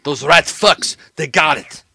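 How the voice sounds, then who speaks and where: A man's voice: fairly high pitch, measured pace, gravelly, bright, forceful tone, slightly rough, no echo, studio quality, pitched above the performer's own voice, full character voice. A man voicing a hot-tempered, foul-mouthed male henchman who stammers and curses in a tabletop game. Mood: angry. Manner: stammering, cursing constantly.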